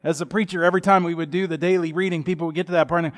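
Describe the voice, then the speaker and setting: A man's voice: a little high, steady tone, rapid-fire, few pauses. A man in his fifties preaching a sermon in a folksy, humorous storytelling manner. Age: 50s. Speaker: pastor.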